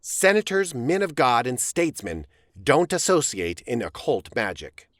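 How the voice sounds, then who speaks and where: A man's voice: mid-range voice, very animated, a little slow, a bit bright, dry recording, clean studio sound. A man voicing a stubborn, defiant seventeen-year-old farm boy in a storybook reading. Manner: defiant, earnest arguing.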